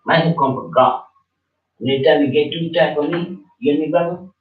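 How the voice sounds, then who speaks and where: A man's voice: a little high, steady tone, a little fast. Preacher man scolding from far off. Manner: scolding, swearing, repeating phrases. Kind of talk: fiery street sermon. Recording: muffled, distant, echoey room.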